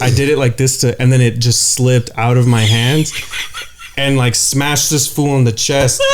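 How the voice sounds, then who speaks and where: A man's voice: mid-range voice, noisy background. A young man co-hosting a podcast, telling a rambling, profane anecdote in a casual way. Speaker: podcast co-host. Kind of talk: casual storytelling.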